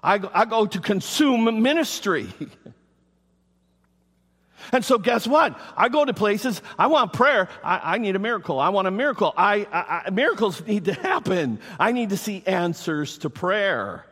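A man's voice: high-pitched, big pitch swings, moderate pace, fairly bright tone, husky. A man preaching a sermon as pastor to his congregation, reading scripture aloud and speaking directly to the people. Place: church. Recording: reverberant hall.

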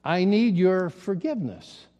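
A man's voice: sits high, sing-song, a little slow, dark tone, long reverb tail, highs cut off. A man voicing a middle-aged woman from his congregation who holds a grudge, retold plainly with hesitant repeats in a sermon. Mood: aggrieved.

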